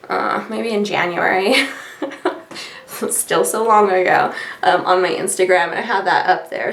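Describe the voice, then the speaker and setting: Woman, casual vlog chat, rambling, giggly, self-mocking, gravelly edge, echoey room. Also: mid-range voice. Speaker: vlogger. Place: sitting at a desk at home under lights. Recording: roomy, distant sound.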